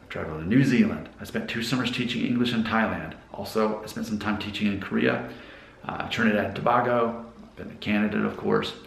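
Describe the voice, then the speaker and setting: This man is a vlogger from the United States, in his forties, chatting to camera and putting questions straight to his audience while gesturing. He sounds lowish, steady, brisk and creaky with a fairly bright tone, recorded in a room with noticeable echo.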